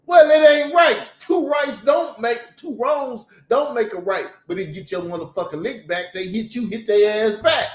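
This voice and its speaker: A man's voice: extremely high pitch, normal speed, hardly any pauses, echoey room. A man, hosting a casual talk and telling stories in a blunt, profane way. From Southern United States. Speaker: host. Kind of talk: casual chat.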